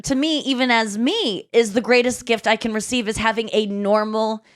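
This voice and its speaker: Woman podcast host, kinda high voice, casual chat, animated storyteller doing little voices. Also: moderate pace.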